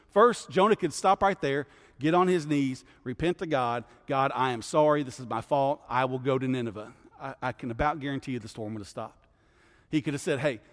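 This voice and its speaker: Guy teaching bible study, chatty, keeps saying right?, echoey hall. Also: medium pitch. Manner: conversational, keeps asking "right?". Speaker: guest pastor.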